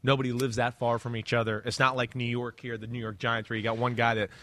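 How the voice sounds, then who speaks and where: A man's voice: medium pitch, fast. A man co-hosting a sports talk show as a former player, talking loosely and acting out what players think. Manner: animated, loose, acts out players' thoughts.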